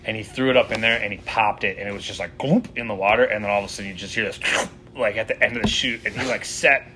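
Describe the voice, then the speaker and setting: A man's voice: fairly low pitch, fairly even intonation, fast talker, background noise. A man who guides fly fishing, telling stories casually in a podcast interview, rambling with many fillers.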